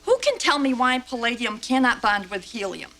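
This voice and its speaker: Prim schoolteacher. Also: female voice, fairly high pitch, sing-song, moderate pace, exaggerated voice. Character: prim schoolteacher of gifted girls. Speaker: teacher. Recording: TV sitcom audio, loud background noise.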